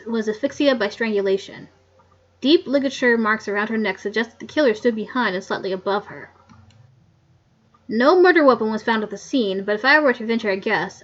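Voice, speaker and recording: A woman reading the lines of a grumpy old male coroner, loud and gruff, on a muffled lo-fi mic. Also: a little high, brisk, natural voice. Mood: grumbling.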